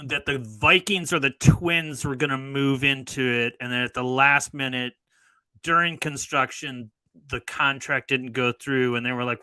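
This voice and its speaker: Bright rambling man chatting football. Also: mid-range voice, steady tone, normal speed, clean tone, no room sound, rough recording. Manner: rambling, restarts often. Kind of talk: casual banter.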